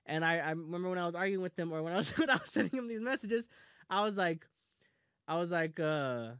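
A young man casually telling a heated story among friends, profane and animated, often laughing. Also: sits high, a little fast, smooth, dry recording, studio quality.

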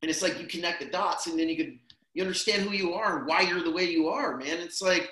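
Speaking fast in a high-sitting voice, a man rambles through a personal story in easygoing conversation. He keeps dropping "man" and "dude," and the recording has a roomy echo.

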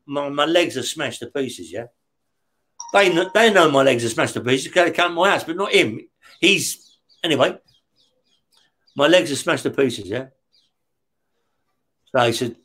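A man telling stories as an interview guest, blunt and rough-spoken, swearing heavily and tagging his lines with "yeah?". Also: on the high side, animated, unhurried, long pauses, a bit bright. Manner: heavy swearing, frequent "yeah?" tag questions. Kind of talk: casual storytelling.

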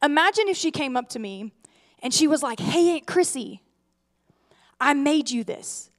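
High-voiced woman preaching conversationally. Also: normal speed. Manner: conversational, animated preaching with rhetorical questions. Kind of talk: sermon.

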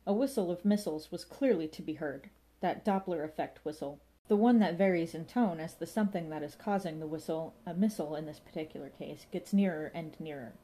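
Woman, audiobook narrator, lively comic reading, low pitch, mellow tone. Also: fairly quick, hardly any pauses. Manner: lively, playful, voices sound effects.

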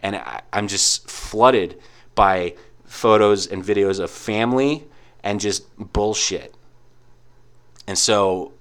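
A young man rambles through a profane, casual rant, packing every sentence with "like" and restarts. His voice sits a little low, and he talks like a podcast host holding forth on his own. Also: slow pace, pauses often, clean tone. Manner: rambling, heavy use of "like", profane. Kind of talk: casual ranting monologue.

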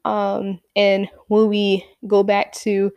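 A woman acting out a calm, reassuring male martial arts instructor in a patient, soothing way. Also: mid-range voice, takes it slowly, smooth, no room sound, dull audio.

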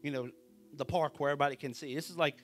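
A man delivers a sermon in fairly high tones. He tells his story with drama, dropping to near whispers and rising to shouts. Faint music plays behind him. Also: steady tone, very fast. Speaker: pastor.

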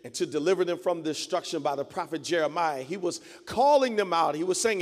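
A man's voice: on the high side, a little fast, few pauses. A male pastor delivering a dramatic sermon, emphatic and repeating phrases for effect. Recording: long hall reverb.

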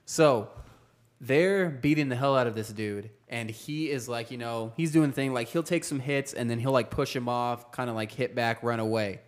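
A man in a casual group chat, telling a long story in an animated, loose way. His speech is heavy with profanity and broken by laughs. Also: mid-range voice, moderate pace. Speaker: podcast co-host.

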